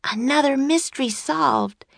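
Woman doing eager young girl, high voice. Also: measured pace, vocal fry, no echo, heavily acted.

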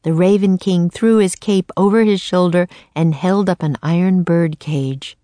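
A woman narrating a children's chapter book in a calm, measured storytelling manner. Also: on the low side, no echo. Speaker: audiobook narrator. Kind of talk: scripted narration.

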